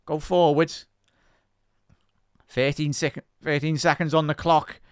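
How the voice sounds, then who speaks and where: Brief: male fan-host, live watch-along, chatty and excitable, resonant voice in a dead, close space. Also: a little high, slow pace, clear, resonant tone, no echo. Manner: excitable, chatty fan commentary, talks to the chat. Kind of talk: live match commentary and chat with viewers.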